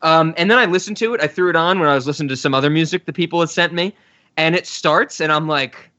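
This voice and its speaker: A man co-hosting a podcast in casual chat, excitable and laughing often. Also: fairly high pitch, fast talker, muffled recording. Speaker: podcast co-host.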